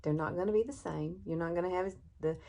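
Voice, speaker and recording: A low-pitched woman in her sixties chats her way through a casual makeup tutorial at home. She talks in a folksy, friendly manner and often jumps up in pitch to stress a point. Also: fast, mellow. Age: 60s. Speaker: beauty vlogger.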